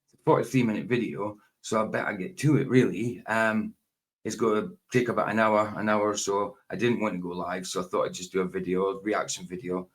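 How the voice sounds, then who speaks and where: A man's voice: fairly low pitch, fairly even intonation, a little fast. A man in his forties, hosting a casual late-night reaction video in a rambling, self-correcting, chatty way. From Scotland. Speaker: YouTube reaction host.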